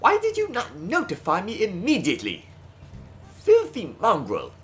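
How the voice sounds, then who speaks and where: A man's voice: sits high, wildly swooping pitch, moderate pace, fairly bright tone, soft background music, pitched above the performer's own voice, heavily acted. A man voicing a haughty, aristocratic young male bird who talks pompously and with contempt.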